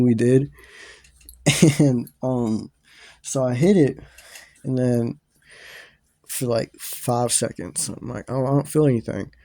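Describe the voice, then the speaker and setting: A man's voice: mid-range voice, darkish tone, no echo. A young man casually telling a rambling story to his viewers, full of fillers and swearing.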